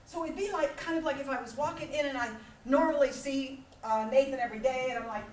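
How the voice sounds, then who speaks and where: A woman's voice: sits high, fast talker, few pauses, slight background noise. A middle-aged woman giving a humorous motivational conference talk, acting out little scenes with laughter. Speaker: keynote speaker. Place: large conference hall. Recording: echoey hall, voice from far off.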